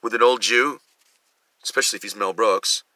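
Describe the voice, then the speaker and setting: A man's voice: fairly low pitch, normal speed, pushed and bright, no echo. A middle-aged male comedian giving a rambling, profane, self-mocking monologue.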